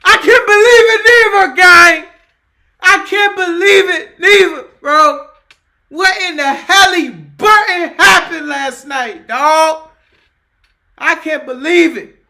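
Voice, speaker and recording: A man reacting in casual stream chat, excitable, swearing and repeating himself. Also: very high voice, slow.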